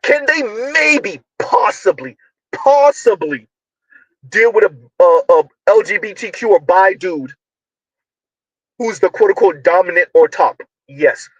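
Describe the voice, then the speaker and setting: A man delivering a loud, emphatic commentary monologue, often shouting, full of slang, repetition and rhetorical questions. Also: sits high, expressive, measured pace, no echo, lo-fi sound. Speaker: online commentator.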